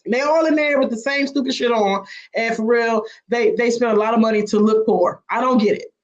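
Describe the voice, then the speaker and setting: A woman's voice: a little high, brisk, lo-fi sound. A woman co-hosting a radio talk show, opinionated and blunt in casual banter, swearing freely.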